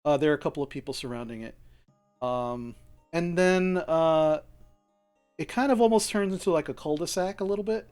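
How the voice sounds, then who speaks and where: A man's voice: a little high, moderate pace, a little mellow, clear, resonant tone, soft background music. Rambling male game master. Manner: casual, rambling, many fillers and restarts. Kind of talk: narrating a tabletop game.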